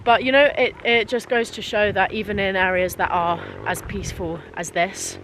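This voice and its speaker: A woman's voice: medium pitch, fairly even intonation, moderate pace, background noise. A young English woman vlogging enthusiastically while walking outdoors in rural countryside on a handheld camera. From England. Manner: enthusiastic, gushing. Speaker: travel vlogger. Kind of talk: casual travel vlog.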